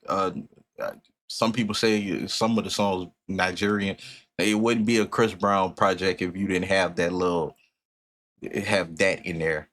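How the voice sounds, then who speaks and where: A man's voice: on the low side, fairly bright tone. A man hosting a music reaction, tipsy, chatting casually, rambling and repeating himself, with announcer-style greetings. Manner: rambling, repeats and restarts phrases, loose slang.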